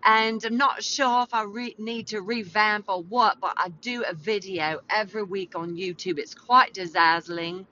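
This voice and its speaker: Bright-voiced playful woman podcast host. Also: medium pitch, measured pace, few pauses, slight background noise. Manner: playful, talks to herself, exclamatory preaching. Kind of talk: casual faith podcast chat. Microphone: podcast mic. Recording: dull lo-fi audio with faint music.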